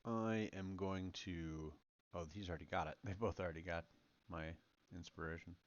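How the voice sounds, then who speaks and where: A man's voice: low voice, steady tone, moderate pace, no room sound. A man chatting casually as a player in a tabletop game, thinking aloud about his moves. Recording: dull, lo-fi stream audio.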